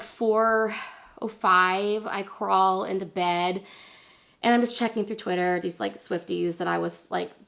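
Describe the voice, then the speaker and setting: A young woman vlogger tells a long story straight to her viewers, chatty and full of fillers, with little self-deprecating laughs along the way. Her voice sits at a middling pitch with a gravelly fry running through it. When she quotes people, she jumps up into a high, excited squeal. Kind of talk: casual storytelling vlog.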